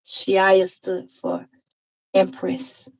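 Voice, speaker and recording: A woman who reads tarot tells an emotional personal story in a heartfelt, conversational way, pausing and starting over as she goes. Her mid-range voice is monotone, and the recording quality is low.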